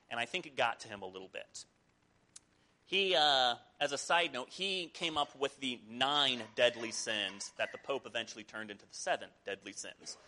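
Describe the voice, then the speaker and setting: A male pastor preaching, his voice swinging widely in pitch as he retells a scripture story. He has a bright, forceful tone and drops into playful, mocking asides. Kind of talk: sermon.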